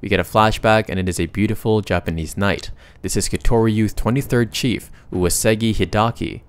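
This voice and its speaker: A man's voice: on the low side, normal speed, clean tone. A man narrating a comic story recap in a casual, slangy way, breaking off for joking asides to his viewers.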